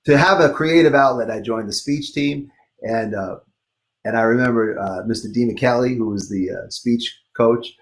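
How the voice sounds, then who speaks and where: A man's voice: medium pitch, moderate pace. A middle-aged man from Queens with a faded New York accent, a guest musician chatting casually and telling stories with frequent laughs. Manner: chatty storyteller, laughs often. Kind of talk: casual conversation.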